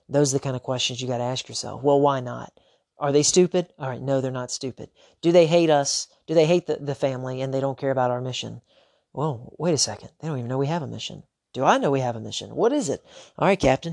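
A man's voice: mid-range voice, a little mellow, no room sound, studio quality. A man, hosting a solo podcast and telling a personal story with rhetorical questions. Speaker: podcast host.

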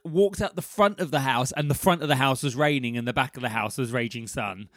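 A man's voice: mid-range voice, fast talker, few pauses, no echo, clean studio sound. A man co-hosting a podcast, chatting casually and animatedly with many fillers. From United Kingdom. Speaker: podcast co-host. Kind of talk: casual chat.

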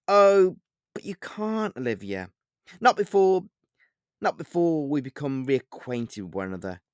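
An audiobook reader voicing a snooty, smug male vampire who was once a butler, with a drawn-out, pitched-up delivery. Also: big pitch swings, clear, resonant tone, no room sound, clean studio sound. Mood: menacing. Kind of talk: audiobook character voice.

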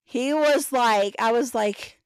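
A woman hosting a podcast, telling a story in a casual, animated way, acting out voices and laughing often. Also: a little high, slow pace, clean tone, no echo. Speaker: podcast host.

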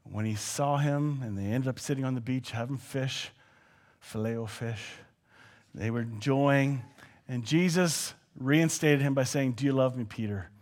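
A man preaching a casual sermon in a church hall, acting out quoted dialogue as he talks. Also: measured pace. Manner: conversational, acts out quoted dialogue with swings in pitch and volume. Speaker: pastor.

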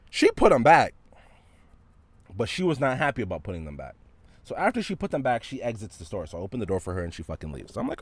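A man who works in retail, casually telling a story about a store run-in, animated and full of swearing and laughter. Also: medium pitch, brisk, dry recording.

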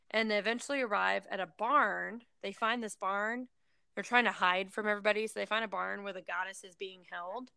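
A woman tells a film's plot in loose, casual chat, full of fillers and quick acted-out lines of dialogue. Her voice is bright and crisp with a gravelly rasp underneath. The room sounds dry and close. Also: medium pitch, no room sound. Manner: rambling storytelling with many fillers. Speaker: person recapping a film.

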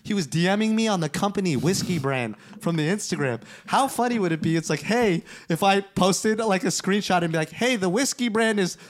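Podcast host guy, fairly high voice, swears a lot, jumps into quoted voices mid story. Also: brisk, few pauses. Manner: profane, animated, acts out quoted dialogue. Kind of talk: casual storytelling chat.

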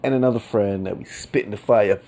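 Male solo podcaster, dark gravelly voice, slangy and profane. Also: fairly low pitch, slight background noise. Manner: slangy, profane, laughs between lines. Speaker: podcast host. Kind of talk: casual solo podcast talk.

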